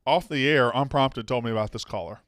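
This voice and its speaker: A man's voice: mid-range voice, brisk, a bit bright, dry recording. A man hosting a sports call-in show, brash and joking as he takes callers. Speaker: radio show host taking calls.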